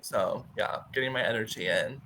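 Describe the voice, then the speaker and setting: A man co-hosting a casual podcast, soft-spoken and laid-back. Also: fairly low pitch, normal speed, noisy background. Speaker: co-host.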